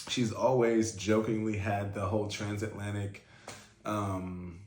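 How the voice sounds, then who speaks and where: Guy rambling about an album he loves, lowish voice, roomy echo. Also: flat delivery, moderate pace. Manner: chatty, fan-like, many fillers. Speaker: music reaction host. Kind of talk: casual album reaction commentary. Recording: roomy echo, faint music.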